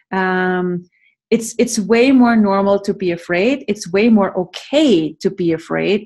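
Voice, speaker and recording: A woman's voice: mid-range voice, a little mellow. A middle-aged woman leading a workshop on a video call, talking playfully and laughing often. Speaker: workshop facilitator. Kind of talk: live online class talk.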